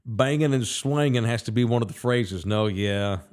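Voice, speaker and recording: A man's voice: mid-range voice, normal speed, darkish tone, clear, resonant tone. Blunt profane male sports talk host. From Texas. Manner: blunt, heated, profane ranting. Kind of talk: casual opinionated sports talk.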